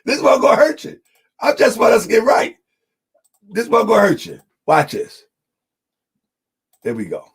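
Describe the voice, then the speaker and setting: Debater: a man with a strikingly high voice, shouts his points and hammers them home with repeats. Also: huge pitch swings, moderate pace, gravelly, long pauses, breathy edge. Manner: emphatic, often shouting, repeats lines for effect; addresses the audience as family. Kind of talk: heated live debate.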